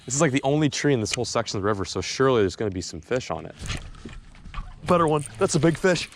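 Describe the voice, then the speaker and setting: A young man filming a fishing vlog on a riverbank, talking excitedly and stammering when a fish bites. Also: mid-range voice, rapid-fire, a little hiss or hum. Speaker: fishing vlogger. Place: outdoors on a river bank.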